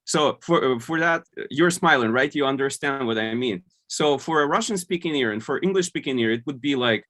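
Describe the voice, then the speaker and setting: A man's voice: mid-range voice, lively intonation, fairly quick, few pauses, fairly bright tone. A man giving an online conference talk, explaining points with many fillers and restarts. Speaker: conference speaker.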